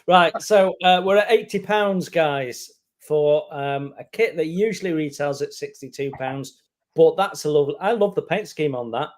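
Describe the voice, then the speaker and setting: Joking man calling bids. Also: fairly high pitch. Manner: joking, teasing, brisk. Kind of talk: casual live-stream chat.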